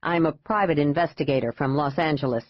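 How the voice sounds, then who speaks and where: A man's voice: a little high, brisk, no echo, natural voice. A woman reading an audiobook, voicing a persistent male private investigator who speaks in polite, clipped, probing lines. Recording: dull dry lo-fi audiobook.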